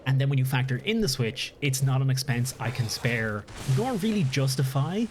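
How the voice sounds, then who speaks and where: A man's voice: mid-range voice, expressive, normal speed, background noise. Rambling Irish man streaming. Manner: rambling, restarts and corrects himself. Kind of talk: casual live-stream chat while gaming.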